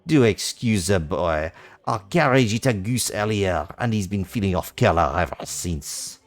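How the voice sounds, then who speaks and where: A pompous, old-fashioned gentleman gambler speaks in a low, mannered voice, as a man acts him out. His delivery rises and falls a lot, over faint music. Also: expressive, a little slow.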